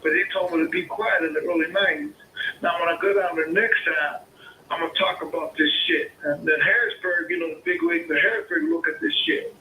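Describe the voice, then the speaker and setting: A man argues on a phone call, swearing freely and circling back to the same points. His voice sits a little high and sounds bright. The line is echoey, with faint noise behind it. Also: fairly quick. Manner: swearing, repetitive, argumentative. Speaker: caller, homeowner.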